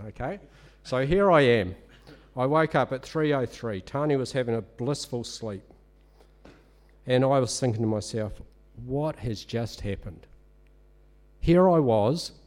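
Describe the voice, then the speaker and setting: Warm-voiced New man preaching. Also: medium pitch. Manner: conversational storytelling, animated. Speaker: lay preacher. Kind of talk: sermon.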